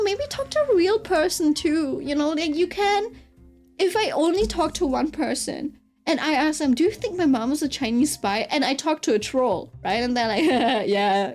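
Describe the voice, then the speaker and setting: Young woman with a high voice, chatty and giggly, just rambling while she draws, faint music in the back. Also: a little mellow. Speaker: artist streaming while drawing. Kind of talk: casual chat while drawing.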